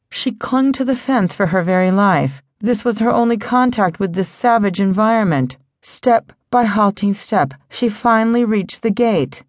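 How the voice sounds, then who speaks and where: A woman narrating an audiobook in a steady, dramatic storytelling manner. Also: medium pitch, measured pace, few pauses, no echo, studio quality. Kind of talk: scripted narration.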